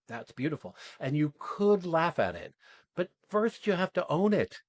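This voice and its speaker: A man coaching actors after an exercise, talking casually and acting out quoted lines in animated bursts, often asking "right?" and swearing now and then. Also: medium pitch, normal speed, dry recording. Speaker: acting coach and podcast host.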